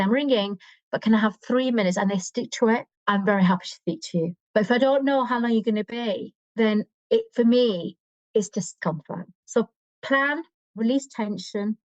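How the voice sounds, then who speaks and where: A woman's voice: medium pitch, lively intonation, fairly quick, a little mellow, no room sound, muffled recording. A woman guest expert giving conversational podcast advice on stress, with a coaching manner, frequent restarts and fillers.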